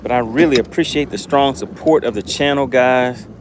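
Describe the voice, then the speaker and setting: A man's voice: medium pitch, moderate pace, a little hiss or hum. A man hosting a fishing live stream from a boat outdoors, chatting and thanking his viewers.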